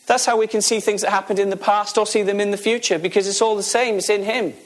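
A man delivering a sermon in a notably high voice. He preaches emphatically, firing questions at his listeners and repeating key phrases to drive them home. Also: fairly even intonation, fast talker.

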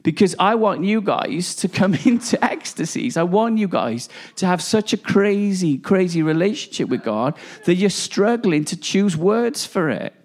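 A man's voice: sits high, expressive, a little slow, hardly any pauses, darkish tone. A man preaching a charismatic sermon, exuberant and emphatic, often laughing as he talks.

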